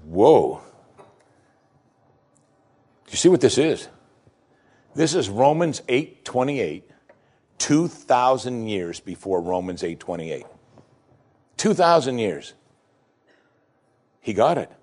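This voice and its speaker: A man preaching a sermon who tells the story dramatically, swinging from hushed to excited, and repeats key lines for emphasis. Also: medium pitch, takes it slowly, long pauses, husky.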